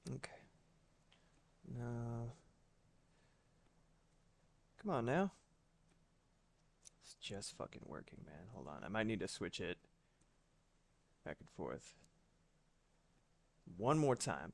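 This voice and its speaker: A man's voice: on the low side, big pitch swings, measured pace, long pauses. A man streaming live from home, chatting casually with his audience and swearing now and then.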